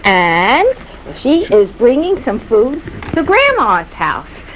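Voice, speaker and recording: A woman telling a fairy tale and greeting a baby in a family home video, in a slow sing-song way. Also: on the high side, huge pitch swings, noisy background.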